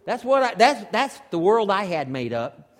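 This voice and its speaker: Animated preacher with a high voice, echoing hall. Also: male voice, moderate pace. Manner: animated storytelling, rising to near shouts. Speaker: pastor. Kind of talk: sermon. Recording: long hall reverb.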